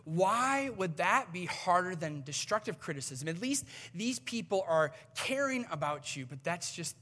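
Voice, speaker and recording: A man delivers a sermon in a bright, fairly high voice that carries easily. He tells the story and acts out its voices. His words ring through a long, echoing church hall. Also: big pitch swings, unhurried. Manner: storytelling preacher, acts out quoted voices, builds to a forceful climax. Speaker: pastor.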